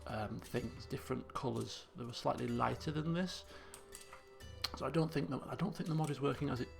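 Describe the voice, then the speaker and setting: A man's voice: fairly high pitch, vocal fry, a bit bright. A man chatting casually and self-mockingly while streaming a video game. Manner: chatty, self-mocking, frequent restarts and laughs. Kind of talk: live game commentary. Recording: faint guitar music behind.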